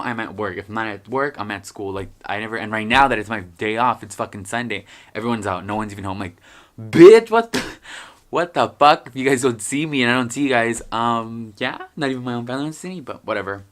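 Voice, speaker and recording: A young man vlogging in a casual, profane ranting style, heavy on fillers, with sudden loud outbursts. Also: lowish voice. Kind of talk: casual vlog rant.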